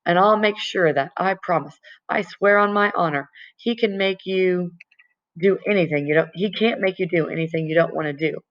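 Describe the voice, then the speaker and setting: A woman's voice: lowish voice, moderate pace, lightly acted. A woman voicing an earnest middle-aged female school principal who pleads, soothes and repeats herself. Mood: pleading. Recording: dull lo-fi recording.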